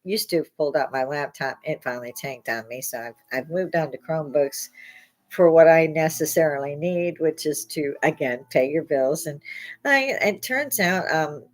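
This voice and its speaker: An older woman hosting a podcast, talking in a rambling, opinionated monologue, salty and quick to laugh at her own jokes. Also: deep voice, rough recording. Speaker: podcast host.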